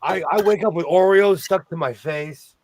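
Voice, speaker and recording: A man's voice: high voice, normal speed. A man in his forties from California, hosting a rambling casual chat over a video call. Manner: rambling, chatty storyteller.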